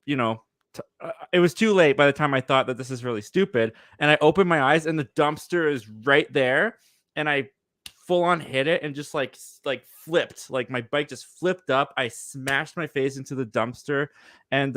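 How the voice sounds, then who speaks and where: A man's voice: medium pitch, normal speed, fairly bright tone, no room sound, clean studio sound. A man telling a rambling, self-mocking story as a guest in a casual chat. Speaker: guest co-host.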